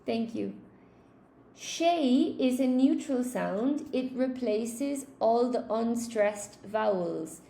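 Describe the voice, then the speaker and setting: A woman's voice: a little high, expressive, drawn-out words, creaky, mellow. A woman English teacher on a live-stream lesson, chatting with viewers, thinking aloud and thanking them by name. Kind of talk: live-stream lesson, reading and answering chat. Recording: roomy echo.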